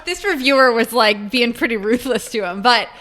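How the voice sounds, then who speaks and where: A woman co-hosting a podcast, retelling film scenes in an animated, giggly way. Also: a little high, moderate pace. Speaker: podcast co-host. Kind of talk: casual film discussion.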